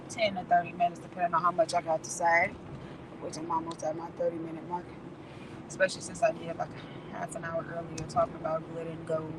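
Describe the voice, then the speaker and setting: A woman chatting casually and candidly on a livestream, swearing freely and laughing as she talks. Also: on the low side. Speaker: vlogger. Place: in a car at night. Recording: road noise from a moving car.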